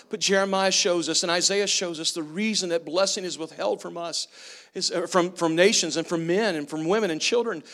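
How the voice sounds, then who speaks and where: High-voiced man preaching. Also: a bit bright. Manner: preaching with call-and-response questions to the congregation. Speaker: pastor. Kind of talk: sermon.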